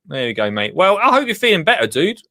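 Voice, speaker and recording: Bright, lively, matey man. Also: high voice, quick pace, no room sound, studio quality. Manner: matey, teasing, laughs easily, says "mate" a lot. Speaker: co-host. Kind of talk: casual chat.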